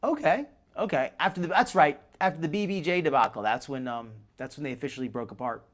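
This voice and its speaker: A man's voice: on the high side, fast talker. A man hosting a live stream, commenting casually in a rambling way with many restarts. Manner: rambling, restarts a lot, chuckles. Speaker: host.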